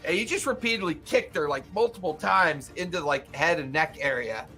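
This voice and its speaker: A young man narrating a tabletop game as game master, animated and laughing, with lots of "like" fillers. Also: fairly high pitch, fairly quick, soft background music.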